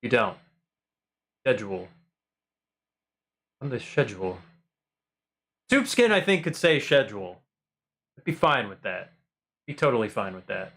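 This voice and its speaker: A man's voice: medium pitch, sing-song, normal speed, gravelly, long pauses, fairly bright tone. A man hosting a livestream, chatting casually and playfully with his viewers, rambling with frequent ums and repeated phrases. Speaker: livestream host. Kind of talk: casual chat with live viewers.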